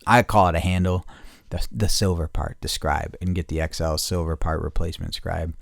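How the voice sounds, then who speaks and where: A man with a low, deep voice talks through a casual solo podcast episode. He rambles and swears constantly, trips over his own phrasing, and now and then jumps up into loud, excited outbursts. The sound is dry and close, with almost no room echo. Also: normal speed, creaky. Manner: rambling, profane, self-correcting; swings to loud excited bursts. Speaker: podcast host.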